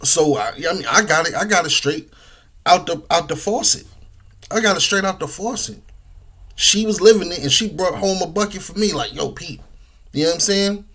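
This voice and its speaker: A man's voice: sits high, fairly quick, pushed and bright. A man, talking casually and profanely with lots of slang, eating while he talks. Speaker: podcast host. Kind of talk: casual monologue.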